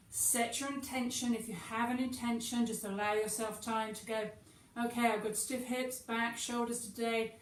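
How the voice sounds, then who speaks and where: A woman teaching a guided yoga class, talking calmly and chattily with gentle encouragement. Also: on the high side. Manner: calm, chatty and encouraging, with soft asides. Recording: echoey room, distant mic, faint hiss.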